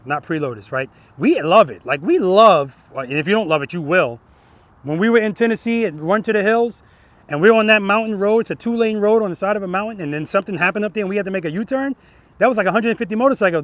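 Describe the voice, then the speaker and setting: A man's voice: sits high, a bit bright, no room sound. A man teaching a group of riders outdoors as their riding instructor, questioning the group and ending points with "right?". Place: outdoor practice lot.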